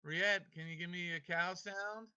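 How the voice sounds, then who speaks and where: A man's voice: sits high, steady tone, unhurried, bright, forceful tone, smooth. A man leading an online devotional class, emphatic and playful as he coaxes his students along. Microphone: video call. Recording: muffled video-call audio.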